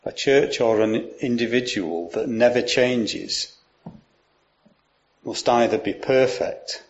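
A man preaching a sermon, explaining and reading scripture aloud in a measured way. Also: medium pitch, muffled recording.

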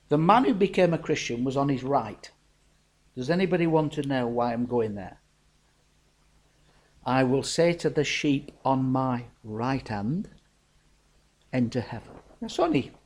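A man's voice: fairly high pitch, a little mellow. A middle-aged man, preaching a sermon in a folksy, storytelling way, calling his listeners folks.

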